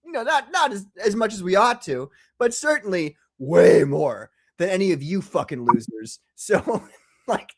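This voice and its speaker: Man, livestream host, profane rants, frequent laughter, lively swooping pitch. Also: normal speed, vocal fry. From United States. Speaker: podcast host. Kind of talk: casual livestream chat.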